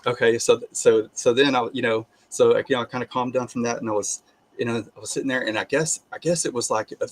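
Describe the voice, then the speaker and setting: Halting, animated man telling his testimony. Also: medium pitch. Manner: halting, full of restarts, bursts into animated laughter. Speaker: guest sharing testimony. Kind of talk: casual spoken testimony.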